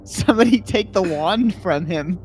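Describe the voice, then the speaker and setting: A woman playing a text adventure game on a stream, dry and low-key, reading her turn aloud. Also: animated, moderate pace. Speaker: game player.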